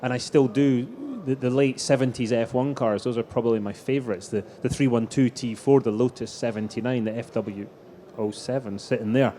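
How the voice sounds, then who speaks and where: A man's voice: medium pitch, normal speed, few pauses, dark tone. A middle-aged man telling anecdotes as a guest in a live stage interview. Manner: anecdotal storytelling, frequent restarts. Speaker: racing driver guest.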